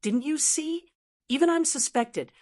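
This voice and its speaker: A woman's voice: sits high, expressive, measured pace, pitched above the performer's own voice. A woman voicing an angry, defiant man who has been cornered by his old gang, in a storybook read-aloud. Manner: shouting, defiant.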